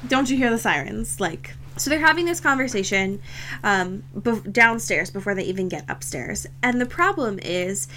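A woman's voice: mid-range voice, expressive, normal speed, bright, forceful tone, slight background noise. A young woman co-hosting a podcast, recapping a book in casual chat, laughing often and swearing as she acts out the characters' lines.

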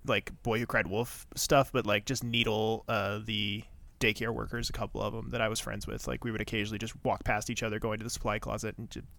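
A man co-hosting a podcast who recaps a TV episode in animated, profane chat and acts out quotes with laughs. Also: on the low side, quick pace, creaky. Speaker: podcast co-host.

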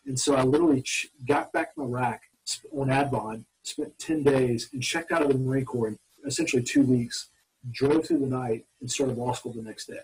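A Mobile, Alabama man in his forties, once a Marine, rambles through long, animated anecdotes as an interview guest, restarting often. His voice is medium-pitched with vocal fry and a slight roughness, at a moderate pace. The casual storytelling interview comes through on a rough recording.

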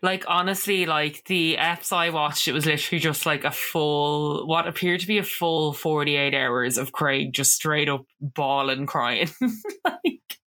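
Woman, low pitch, bright tone, casual podcast chat, animated, laughs often. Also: unhurried. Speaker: podcast co-host. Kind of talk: casual chat recapping a reality show.

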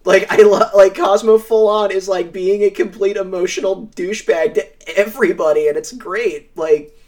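A man's voice: sits high, fairly even intonation, moderate pace, a little mellow. A man co-hosting a podcast, rambling animatedly with lots of fillers. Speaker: podcast co-host. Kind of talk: casual chat. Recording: voice a bit distant from the mic.

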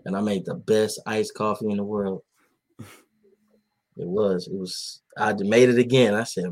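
A man chatting in a relaxed, laid-back way, musing about everyday habits. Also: fairly low pitch, unhurried, long pauses, rough recording. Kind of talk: casual chat.

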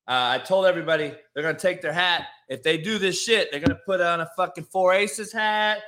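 A man hosts his own live stream in a fairly high, bright voice. He rambles casually between fillers and turns into profane, confrontational rants at commenters. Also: a little fast. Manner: profane, confrontational ranting at chat. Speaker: live show host.

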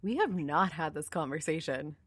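A woman's voice: sits low, expressive, moderate pace, husky, no room sound. A woman co-hosting a casual food podcast, playful and laughing often, reading product text aloud. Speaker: podcast co-host. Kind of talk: casual chat.

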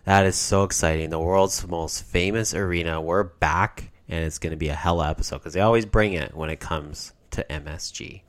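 A man co-hosting a wrestling podcast, talking casually with lots of swearing and bursts of excited shouting. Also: low-pitched, normal speed, hardly any pauses. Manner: profane, excitable, laughs often. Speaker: podcast co-host. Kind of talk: casual wrestling recap chat.

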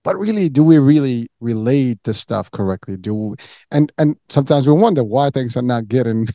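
A man's voice: mid-range voice, lively intonation, fairly quick, dark tone, no room sound. A man hosting an interview, casual and full of fillers, laughing easily. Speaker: podcast host. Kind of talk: interview conversation.

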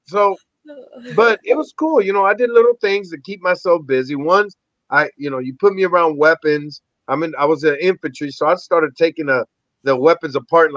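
High-voiced man telling rambling swear-filled stories. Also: dry recording. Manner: animated, rambling, heavy swearing. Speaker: podcast guest, actor and army veteran. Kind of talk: casual storytelling interview. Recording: dull lo-fi dry recording.

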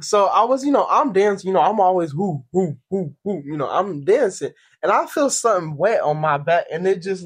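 A young man co-hosting a casual podcast, his voice set high with a husky edge. He tells stories in an animated, profane way and laughs easily. Everything sounds like loose chat between friends. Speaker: podcast co-host.

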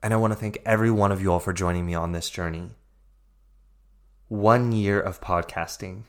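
A man's voice: low voice, fairly even intonation, normal speed. Male life coach hosting a podcast, emphatic, repetitive, encouraging. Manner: emphatic, repetitive, encouraging, addresses listeners as friends. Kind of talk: motivational podcast monologue.

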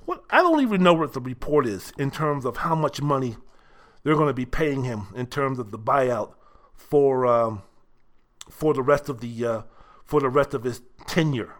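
A man's voice: mid-range voice, expressive, normal speed. An older man hosting a solo sports talk show, talking in a blunt, rambling, profane way with many fillers. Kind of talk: casual solo sports commentary.

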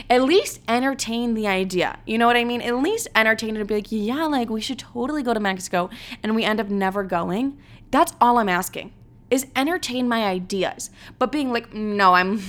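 A woman's voice: medium pitch, a bit bright. Blunt young woman telling a dating story. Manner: blunt, profane, dramatic, full of "like". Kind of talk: casual storytime monologue.

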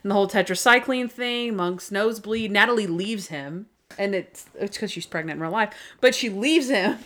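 A woman's voice: medium pitch, moderate pace, fairly bright tone. A young woman co-hosting a casual podcast, chatty and full of "like" fillers. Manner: chatty, frequent "like" fillers, laughs at own jokes. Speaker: podcast co-host. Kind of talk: casual chat.

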